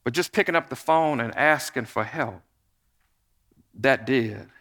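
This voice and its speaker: A middle-aged man, the pastor, giving an earnest, conversational sermon to his church that drops to a soft hush in prayer. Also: mid-range voice, unhurried. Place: church sanctuary. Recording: long reverb of a large church hall.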